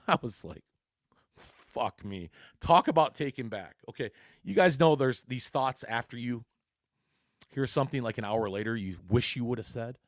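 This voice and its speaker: In a casual solo podcast, the male host spins a blunt, swear-filled story, often restarting as he rambles. His mid-range voice is expressive and moves at normal speed, recorded dry at studio quality.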